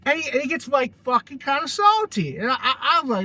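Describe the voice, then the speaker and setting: High, bright-voiced man ranting casually. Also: big pitch swings, a little fast. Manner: rambling, restarts a lot, heavy swearing. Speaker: vlogger telling a personal story. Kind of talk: casual storytelling rant.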